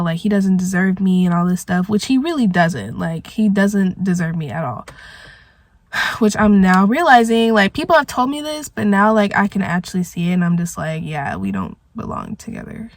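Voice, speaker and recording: A woman's voice: mid-range voice, brisk, dry recording. A young woman telling an emotional, rambling storytime vlog, full of "like". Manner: emotional, rambling, heavy use of filler "like". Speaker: vlogger. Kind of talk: storytime vlog while smoking.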